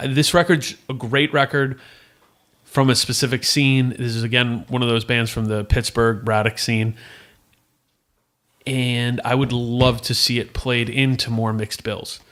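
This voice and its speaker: A man's voice: medium pitch, unhurried. Easygoing male podcast co-host. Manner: relaxed, agreeable, conversational. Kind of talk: casual chat about hardcore records.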